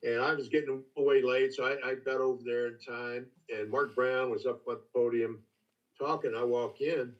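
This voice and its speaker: Folksy older storyteller. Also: male voice, mid-range voice, steady tone. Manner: folksy, halting, with many restarts. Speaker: master distiller guest. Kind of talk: casual storytelling. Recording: distant, dull lo-fi call audio.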